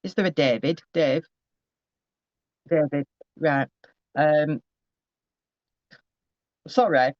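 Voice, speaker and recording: A man gives a psychic reading in a fairly high, chatty voice. He often trips and restarts mid-phrase as he relays messages. The recording is dry and slightly muffled. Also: extremely slow, pauses often, no echo. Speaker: psychic medium. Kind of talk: live spirit reading to a sitter.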